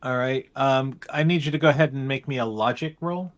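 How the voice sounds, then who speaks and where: Halting male game master narrating. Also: medium pitch. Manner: meandering, halting narration with frequent restarts.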